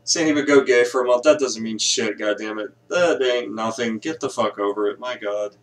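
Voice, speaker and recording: A man's voice: mid-range voice, moderate pace. Man, reaction host, casual commentary, profane, blunt, ranting.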